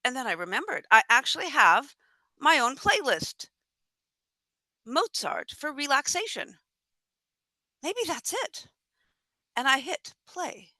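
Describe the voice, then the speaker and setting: Bright-voiced animated woman storyteller. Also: high-pitched, slow pace, long pauses, dry recording. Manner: animated, acts out her own thoughts and dialogue. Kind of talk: live tall-tale storytelling.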